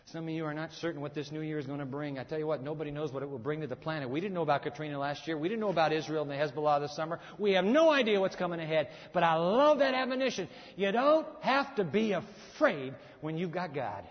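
A man preaching a sermon, dramatic, acting out the scripture characters in lively bursts. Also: fairly high pitch, fast talker, hardly any pauses. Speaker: pastor. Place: church sanctuary. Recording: muffled hall recording with long reverb.

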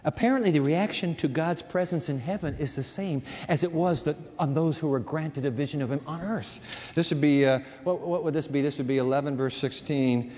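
A man preaching a sermon, reading Bible verses and breaking off into emphatic, animated asides. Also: fairly high pitch, fairly quick. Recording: long reverb of a large hall.

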